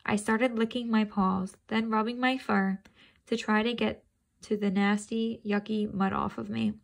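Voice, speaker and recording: A woman's voice: medium pitch, little pitch movement, a little slow, gravelly. A woman reading a children's chapter book aloud in a casual way, stopping to think aloud and quiz her listeners.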